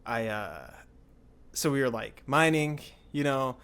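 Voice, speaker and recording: A young man hosting a podcast, telling a story in a rambling, excitable way with lots of filler words. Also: mid-range voice, slow, clear, resonant tone. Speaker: podcast host. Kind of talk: casual storytelling chat.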